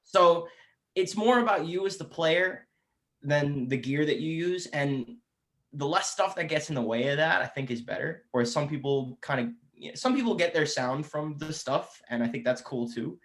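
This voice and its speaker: A man in his twenties, a guest musician chatting eagerly and at length, often restarting his sentences. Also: a little high. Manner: eager, talkative, many quick restarts. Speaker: guest musician and guitar teacher. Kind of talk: casual podcast chat.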